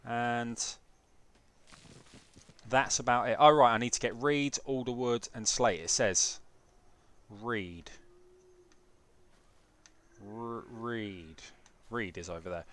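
A man's voice: mid-range voice, measured pace, pauses often, fairly bright tone. A young man hosting a live game stream, chatting casually and swearing while fixing his setup and reading chat. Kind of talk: casual live gameplay commentary. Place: home room with PC setup.

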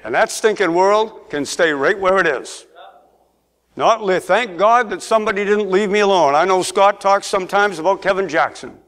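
Middle-aged male pastor, high-pitched, sermon delivery that asks for amens and swells to emphatic peaks. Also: moderate pace, fairly bright tone. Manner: preaching, calls for amens, rises to emphatic peaks. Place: church sanctuary.

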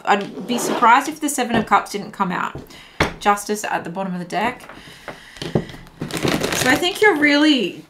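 A woman reads tarot cards in a relaxed, musing way, thinking aloud and circling back over her phrases. Her voice sits at an ordinary pitch for a woman. Faint noise runs in the background. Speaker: tarot reader. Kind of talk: casual tarot reading to camera.

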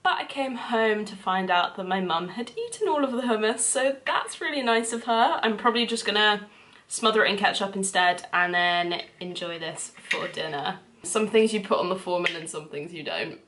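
A young woman with a London accent, chatting casually to camera in a cooking vlog, animated and full of quick asides. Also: mid-range voice. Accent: London English. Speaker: vlogger.

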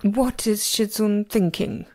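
A young male disciple, possessive and sulky, who speaks coolly with a quiet edge of menace, as a woman reads him. His voice sits at a middling pitch and stays measured. It sounds like a fan audiobook reading.

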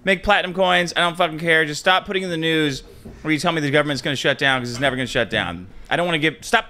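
A man's voice: on the high side, fast, bright, forceful tone. A man co-hosting a comedic talk show, blunt, profane and exasperated. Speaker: podcast co-host. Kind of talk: comedic banter on a live show.

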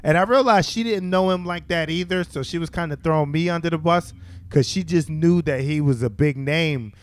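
A comedian tells stories, his voice sitting a little high for a man as he acts out the people he quotes. The sound is close and dry, with no room echo. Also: moderate pace. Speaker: stand-up comedian guest. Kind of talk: casual storytelling chat. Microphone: studio mic.

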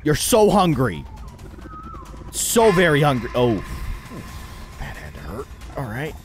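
A man giving excitable, jokey commentary while playing a video game. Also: medium pitch, takes it slowly, faint music behind. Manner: excitable, jokey, yelps and laughs at the action. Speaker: gaming YouTuber.

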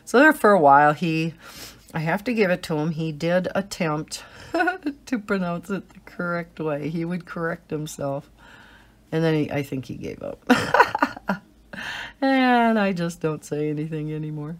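A woman's voice: low-pitched, animated, unhurried. A middle-aged American woman with a slight Southern twang and a cold, chatting and giggling as she tells stories while coloring. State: has a cold. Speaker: coloring channel host. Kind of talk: casual chat while coloring.

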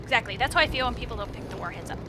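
A woman streaming a video game and giving casual commentary, excitable and giggly, playfully trash-talking her opponents. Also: fairly high pitch, racing, background noise. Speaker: gaming streamer. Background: game music.

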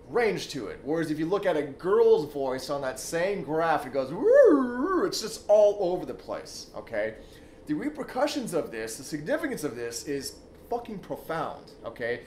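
A man coaching on dating in a casual, emphatic monologue, punctuating points with "okay?" and the odd swear. His pitch sits in an ordinary middle range. The room rings with echo, and faint background noise sits under him. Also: darkish tone. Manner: loose, emphatic, frequent "okay?" tags and swearing; swoops into high exaggerated demonstrations.

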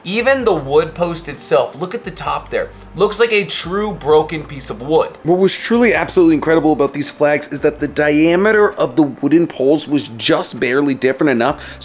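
A man's voice: a little high, slight background noise. A man hosting a collectibles channel, giving a casual, enthusiastic voice-over as he assembles a statue and points out its details. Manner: enthusiastic and detail-focused, conversational.

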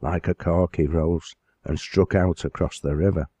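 A man narrating a classic novel as an audiobook, with measured, dramatic storytelling. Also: deep voice, steady tone, mellow, slightly rough, no echo.

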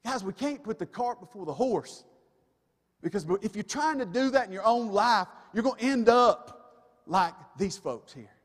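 Guy preaching in church, kinda high voice, big echoey hall ringing after every line, folksy asides. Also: lively intonation, moderate pace. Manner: emphatic, folksy asides to the congregation. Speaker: pastor. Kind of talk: sermon. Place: church sanctuary. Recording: long reverb of a church hall.

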